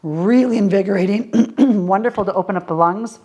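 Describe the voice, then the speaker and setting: A woman with a mellow, husky, mid-range voice talks fairly quickly, recorded with lo-fi sound. She's an essential oils teacher leading a casual question-and-answer session for a group of students, using everyday examples and tossing rhetorical questions at them.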